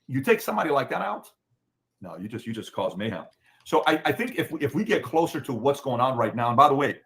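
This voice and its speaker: A man's voice: mid-range voice, a bit bright. A man from Iran with a Middle Eastern accent, talking as a podcast guest in an emphatic way that is full of rhetorical questions. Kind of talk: opinionated podcast talk.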